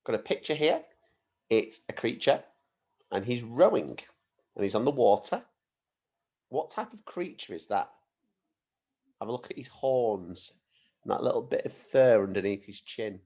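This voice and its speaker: A British man teaching young children phonics, talking slowly and clearly and sounding out words in an encouraging way. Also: animated, darkish tone. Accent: British English. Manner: slow, clear and encouraging, sounding out words and leaping up in pitch on blended words. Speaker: primary school teacher. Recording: dull lo-fi home recording.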